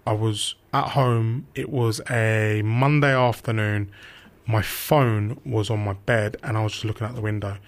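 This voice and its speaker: A young man, a football radio reporter telling animated anecdotes in casual chat and acting out quotes. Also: lowish voice, unhurried.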